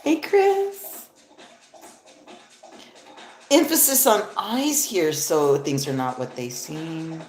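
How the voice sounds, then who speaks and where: A woman gives a casual live-stream tarot reading, rambling and swearing freely as she talks to her viewers. Her voice is low and darkish, with big pitch swings, an unhurried pace and hardly any pauses. The room is echoey, with faint music.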